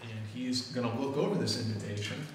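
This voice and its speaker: A man's voice: mid-range voice, a little fast, slight background noise. A man narrating as game master of a tabletop game, joking, laughing often and swearing casually. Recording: echoey room, far from mic.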